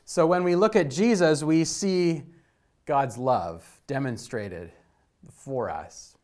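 Preaching slowly at a medium pitch, a middle-aged man delivers a sermon as pastor, his storytelling moving back and forth from emphatic to hushed.

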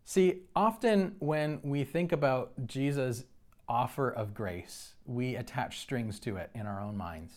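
A man's voice: mid-range voice, unhurried. A man preaching a sermon, telling personal stories in an earnest way with frequent restarts. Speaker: pastor.

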